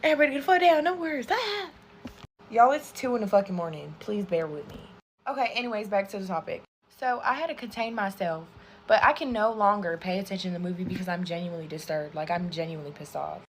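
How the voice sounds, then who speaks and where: A young woman telling a casual storytime while doing her makeup, animated and profane, talking straight to her viewers. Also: on the low side, quick pace, a little hiss or hum. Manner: animated, profane, chatty, addresses viewers as y'all. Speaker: storytime creator.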